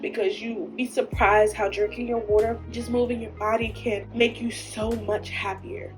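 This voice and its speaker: A woman hosts her own podcast, speaking earnestly and with deep emotion, sometimes close to tears. Her voice is medium in pitch with a somewhat dark tone, and the talk is heartfelt and solo.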